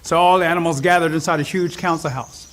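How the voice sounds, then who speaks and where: A man telling a traditional folk tale in an animated, expressive way. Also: on the high side, quick pace. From Cherokee Nation. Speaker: storyteller. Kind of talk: oral storytelling.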